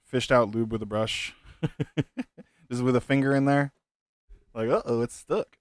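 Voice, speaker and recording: A man, young adult, chats casually with his viewers as he tinkers. His delivery is unhurried and mid-pitched, loose and joking, with frequent laughter. The sound is dry and close, with no room around it. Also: steady tone, dry recording. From United States. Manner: laid-back, joking, laughs often. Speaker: livestreamer building a keyboard.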